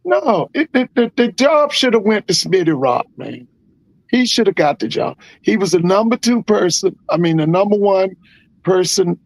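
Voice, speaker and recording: A man's voice: sits high, very animated, normal speed, dry recording, low-quality recording. An older man giving blunt, opinionated football commentary on a podcast, repeating his points for emphasis.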